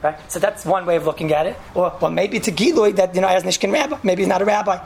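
A man's voice: sits high, fast talker, vocal fry. A man giving a casual, rambling Torah talk, telling a story and sprinkling his speech with Hebrew and Yiddish terms.

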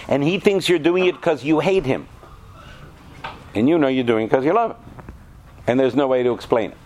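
A man teaching a class of students, animated and talkative, often asking them questions. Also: medium pitch, a little fast, slight background noise. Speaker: yeshiva teacher. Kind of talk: lecture to students.

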